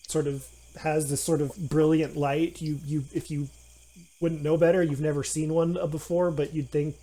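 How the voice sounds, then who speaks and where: Male game master, halting delivery, slightly high pitch. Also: flat delivery, warm tone. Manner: halting, with many fillers and restarts. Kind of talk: narrating a tabletop game.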